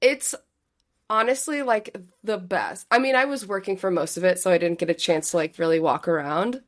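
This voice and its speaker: A woman's voice: on the low side, normal speed. A woman in her thirties co-hosting a podcast, chatting casually and rambling with many fillers. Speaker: podcast co-host. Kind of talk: casual chat.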